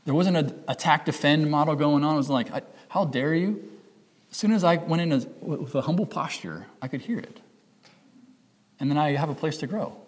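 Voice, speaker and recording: A man's voice: fairly high pitch, fairly quick, big-room sound. A man preaching a sermon as pastor, talking in a conversational way, correcting himself and acting out the voices in people's heads. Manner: conversational, self-correcting, acts out quoted inner voices.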